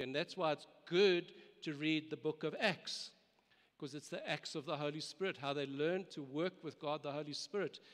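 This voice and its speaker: Man preaching, fairly high voice, earnest and urging, long hall reverb. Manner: earnest, exhorting, with frequent restarts. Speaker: pastor. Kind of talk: sermon.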